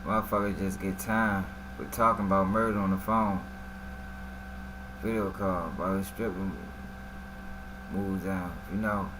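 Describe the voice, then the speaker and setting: A man's voice: sits low, unhurried, pauses often, background noise. A man giving slangy, casual commentary to his live-stream viewers, often asking what they think. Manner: slangy, animated, talks straight to the viewers.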